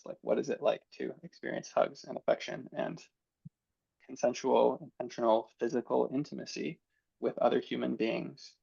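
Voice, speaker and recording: Man, podcast guest, gravelly voice, reflective, dull dry recording. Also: mid-range voice, a little mellow, no echo. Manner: reflective, explanatory, many fillers. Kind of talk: casual conversation.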